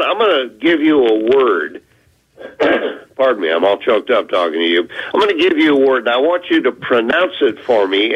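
A man phoning in to a radio show as the word-of-the-day guest, teasing and animated, spelling words out slowly. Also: fairly low pitch, highs cut off. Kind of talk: playful phoned-in radio segment.

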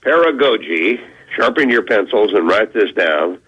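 A man phoning in to a radio show as the word-of-the-day guest, teasing and animated, spelling words out slowly. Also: lowish voice, breathy edge, highs cut off. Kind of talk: playful phoned-in radio segment.

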